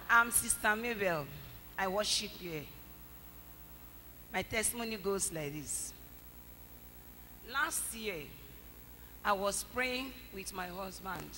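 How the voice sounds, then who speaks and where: A woman's voice: mid-range voice, expressive, slow pace, pauses often, noisy background. A woman animatedly telling her testimony in church. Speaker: church member giving testimony. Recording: long church reverb, faint ambience.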